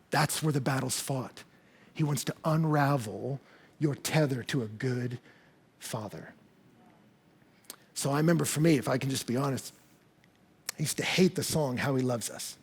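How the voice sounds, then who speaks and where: A man preaching a sermon, animated and candid, telling personal stories with self-deprecating humor. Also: fairly high pitch, husky. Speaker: pastor. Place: church service.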